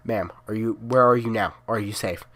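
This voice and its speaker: A man's voice: on the low side, moderate pace. A man voicing a police officer on a phone call, speaking steadily and firmly. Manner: steady, firm, procedural.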